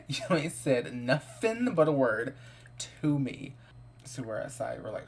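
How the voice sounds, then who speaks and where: A man's voice: mid-range voice, lively intonation, unhurried. Playful man gossiping through gameplay. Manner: playful, gossipy, improvises the characters' dialogue. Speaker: gameplay commentator. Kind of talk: casual let's-play commentary.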